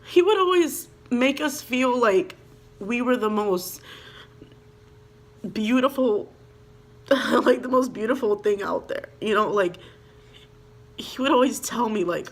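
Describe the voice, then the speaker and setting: A woman's voice: a little high, expressive, slow pace, long pauses. A young woman from Minnesota telling a personal storytime in a casual, rambling way, full of "like" and "you know," emotional and heartfelt. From Minnesota, USA. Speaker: vlogger.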